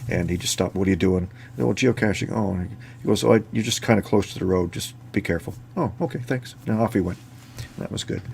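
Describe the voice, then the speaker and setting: A host with a fairly low voice recounts long, rambling stories, slipping into the voices of the people in them. A faint hiss sits under the recording. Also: male voice. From Ontario, Canada. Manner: rambling anecdotes with laughs and acted-out dialogue. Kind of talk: casual storytelling chat.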